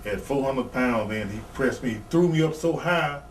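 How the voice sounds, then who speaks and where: A man's voice: medium pitch, expressive, moderate pace. A man in an interview, bluntly telling rambling, profane stories about his wrestling days. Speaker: retired pro wrestler, guest. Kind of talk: casual interview storytelling. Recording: distant mic, faint background noise.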